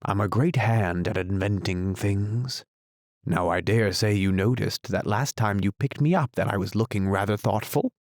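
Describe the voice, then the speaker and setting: A man reading an audiobook, voicing a solemn, muddled male knight who talks gravely and slowly about his inventions. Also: lowish voice, no room sound, studio quality, natural voice. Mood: grave, musing. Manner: grave, slow, musing. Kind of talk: audiobook character voice.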